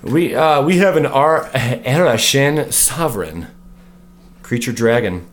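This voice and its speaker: A man hosting a casual card review vlog at home, animated, swearing freely and breaking off into joking rants. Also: medium pitch, takes it slowly, slight background noise. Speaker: card game video host.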